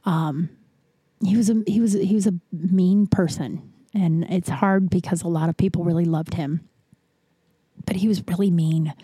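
A woman's voice: lowish voice, steady tone, dark tone, breathy edge, no echo. A woman hosting a podcast, telling a personal story frankly and with swearing, often stopping and restarting. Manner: frank and profane, halting with restarts. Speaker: podcast host. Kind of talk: candid storytelling monologue.

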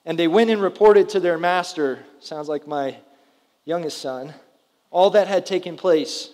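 High-voiced male pastor in a reverberant hall. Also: a little slow, a little mellow. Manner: conversational, asks the audience questions. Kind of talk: sermon. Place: church hall before a congregation. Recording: roomy hall with long reverb.

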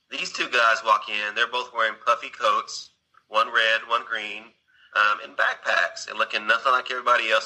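A man's voice: on the low side, sharp tone, poor audio. A man casually retelling a film scene, rambling along with restarts and asides to his listener. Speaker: storyteller.

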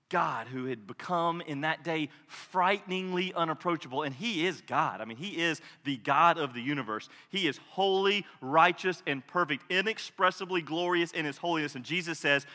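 A man in his thirties preaching a sermon as a pastor, swinging from loud cries to hushed, soft tones. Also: mid-range voice, big-room sound.

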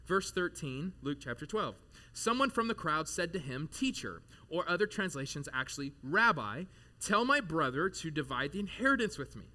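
A man's voice: sits high, expressive, moderate pace, sharp tone. A man in his thirties, a pastor giving a sermon in a church, talking conversationally and animatedly with casual asides. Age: 30s.

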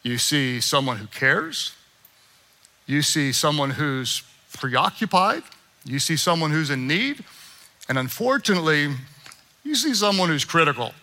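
Male pastor, high and very bright voice, preaches with call-and-response. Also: big pitch swings, measured pace. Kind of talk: sermon. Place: church sanctuary with congregation.

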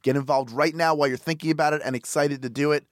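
A man's voice: fairly high pitch, steady tone, fast, dry recording. A man co-hosting a podcast, playful and upbeat as he lays out fundraising goals in casual chat over a close studio mic. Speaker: podcast co-host.

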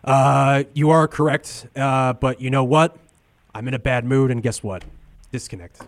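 A man's voice: mid-range voice, steady tone, measured pace, slight background noise. A man hosting a comedy call-in radio show who stammers, grumbles and talks openly angry.

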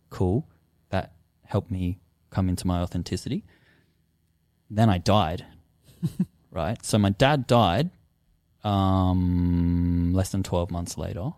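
Man, podcast guest, lowish voice, dry close sound, animated storytelling, lots of swearing. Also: dry recording. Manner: animated, swears often, acts out his own past thoughts. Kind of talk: casual storytelling conversation.

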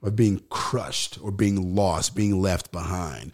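A man's voice: low-pitched, slow pace. A male pastor, a guest on the show, teaching scripture in conversation. He talks in an emphatic, preacherly way and builds his points through repetition.

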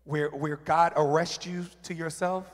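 A man sharing a candid, emotional personal testimony at church, with halting restarts. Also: on the high side, fairly even intonation. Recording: reverberant hall.

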